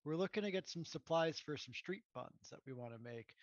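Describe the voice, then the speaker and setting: A man's voice: on the high side, animated, fairly quick, dry recording. A man playing a tabletop game, talking in a casual, easygoing way. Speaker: player. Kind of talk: tabletop role-play. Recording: dry muffled mic.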